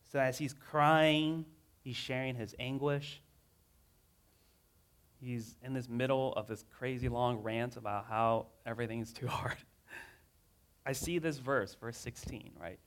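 Guy giving a sermon, mid pitch, chatty asides, gets intense reading verses. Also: steady tone, unhurried, long pauses. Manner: earnest, reads scripture dramatically with rising emotion; casual, conversational asides. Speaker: preacher.

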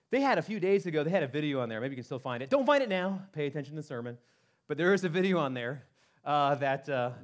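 A man preaching a sermon as pastor, animated and conversational, acting out quoted voices with frequent restarts. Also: mid-range voice.

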